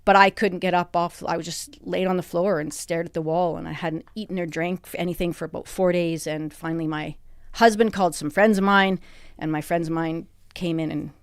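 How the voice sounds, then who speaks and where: A middle-aged woman, a podcast guest recounting a hard time in a halting, emotional way with many restarts. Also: on the low side, fairly even intonation, clear, resonant tone, no room sound, clean studio sound. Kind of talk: personal interview. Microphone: studio microphone.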